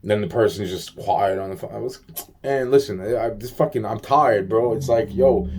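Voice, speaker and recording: A man's voice: on the low side, moderate pace, darkish tone. A man venting in a rambling casual monologue, agitated, profane and full of repeated fillers.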